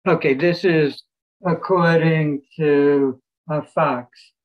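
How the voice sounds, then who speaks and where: Older man, study participant, hesitant reading, slow, dull audio. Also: on the high side, fairly even intonation. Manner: reads from a commentary with hesitations.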